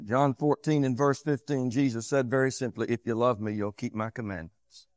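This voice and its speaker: A man's voice: fairly even intonation, normal speed, dry recording. Male preacher with a dramatic sermon delivery, dry close recording. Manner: swells loud and high then drops low and quiet.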